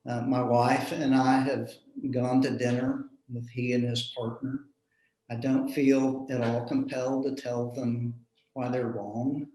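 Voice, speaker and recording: A man's voice: mid-range voice, flat delivery, measured pace. Earnest man in a roomy space. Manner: earnest, reflective, with soft chuckles. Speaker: minister in a panel discussion. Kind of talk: personal storytelling in a discussion. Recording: roomy echo.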